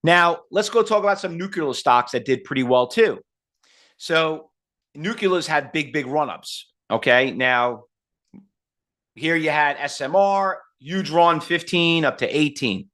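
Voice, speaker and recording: A man in his fifties teaching trading in a live online seminar, blunt and full of rhetorical questions, pitching to his audience. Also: lively intonation, a little slow, fairly bright tone. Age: 50s. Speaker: trading instructor.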